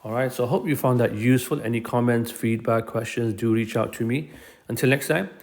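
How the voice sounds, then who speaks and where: Male teacher, mid-pitched, calm step-by-step explainer for a recorded grammar lesson. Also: brisk. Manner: patient, explanatory, repeats key phrases.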